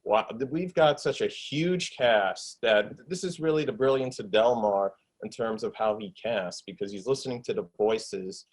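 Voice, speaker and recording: A man's voice: on the low side, normal speed, hardly any pauses, breathy edge, rough recording. Guy on a home mic gushing in an interview, lots of likes and ums. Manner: enthusiastic, rambling, lots of fillers. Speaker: actor and filmmaker. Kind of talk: casual video interview. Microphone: desktop USB microphone with pop shield.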